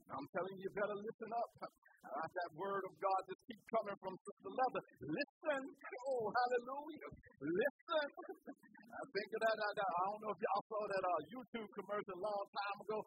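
A woman preacher, delivering an animated, colloquial sermon full of call-and-response. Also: medium pitch, a little hiss or hum, low-quality recording.

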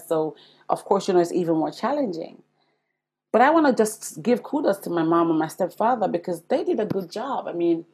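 A woman's voice: medium pitch, a little mellow, slightly rough. A Jamaican woman in her forties, hosting a podcast and telling her own life story in an earnest, confiding way, speaking straight to her listeners. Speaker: podcast host. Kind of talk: personal storytelling monologue.

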